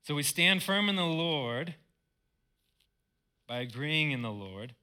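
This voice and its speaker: A man delivers a sermon as a pastor, earnest and stressing his points by repeating words. His voice is very bright and clear, sitting a touch high for a man. He is preaching in a church. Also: sing-song, slow pace.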